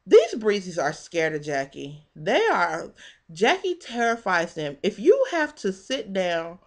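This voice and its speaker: Sassy woman with a lower voice. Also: a little slow. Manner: animated, sassy, laughs often. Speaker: vlogger recapping a reality show. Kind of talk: casual commentary.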